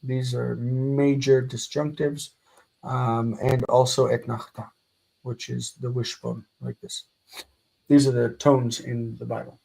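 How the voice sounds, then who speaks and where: Slow, patient male grammar teacher. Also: mid-range voice, level tone, vocal fry, mellow, rough recording. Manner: slow, patient explaining with repeated examples. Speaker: Hebrew teacher. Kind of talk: live grammar lesson.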